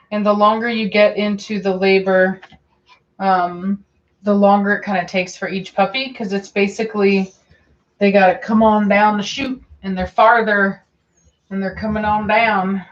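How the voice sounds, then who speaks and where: A woman dog breeder talks casually on her livestream and wanders from point to point. She fills gaps with ums and says things twice. Her voice sits in a middle pitch, and the audio is dull and lo-fi. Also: steady tone, unhurried. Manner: chatty and meandering, with many ums and repeats. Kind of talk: casual livestream chat answering viewer questions.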